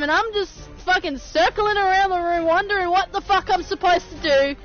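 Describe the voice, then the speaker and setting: A woman streaming a video game, reacting excitably, swearing often and mocking herself. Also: very high-pitched, normal speed. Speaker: gaming streamer. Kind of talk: let's play reactions. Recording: slightly dull stream audio with game music. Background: game music.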